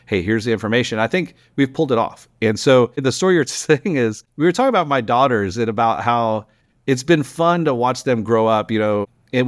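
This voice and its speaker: A middle-aged man from Texas, a company founder and podcast guest, telling animated stories in casual conversation, full of restarts and fillers. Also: lowish voice, no room sound. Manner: animated, rambling anecdotes with many restarts and fillers.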